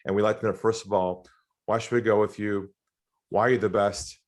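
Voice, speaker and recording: Speaking a little fast in a fairly low voice, a middle-aged Australian man who trains salespeople shares lively stories during an interview. He slips into acted-out quotes and laughs frequently along the way.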